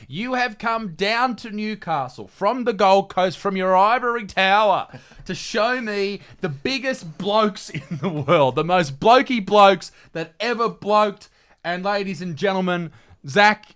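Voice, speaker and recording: An Australian man hosting a comedy show, swearing loudly and laughing as he reads captions aloud. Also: high-pitched, lively intonation, unhurried, clear, resonant tone. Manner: crude, loud, laughing banter. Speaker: host. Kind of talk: comedic commentary.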